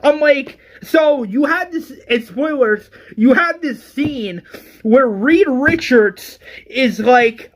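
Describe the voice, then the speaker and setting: A man giving a casual, exasperated movie review, animated and full of restarts and hesitations. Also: extremely high pitch, takes it slowly.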